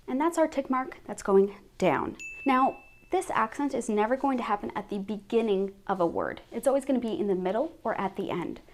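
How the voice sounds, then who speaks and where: A woman with a slightly high voice teaches French pronunciation in a scripted lesson. She says each example sound slowly and clearly so it can be copied.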